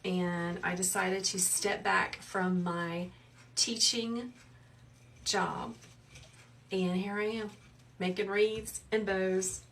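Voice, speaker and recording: A woman, hosting a live wreath-making tutorial in a soft, soothing, chatty way while she reads out viewers' comments. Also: mid-range voice, fairly even intonation, slow, pauses often, far from the mic, a little hiss or hum. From South Carolina. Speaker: wreath maker and livestream host. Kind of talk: live craft tutorial chat.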